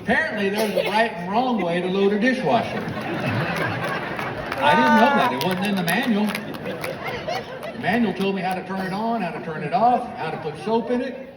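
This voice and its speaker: Older man, stand-up storyteller, slightly high voice, recorded from the crowd with long hall reverb. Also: expressive, moderate pace, long pauses, heavy background noise. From United States. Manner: storytelling, mimics his wife in quoted lines. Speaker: stand-up comedian. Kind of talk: stand-up comedy routine. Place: large live theater stage. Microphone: handheld stage mic heard from audience. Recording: audience phone recording, roomy and distant. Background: audience laughter and clapping.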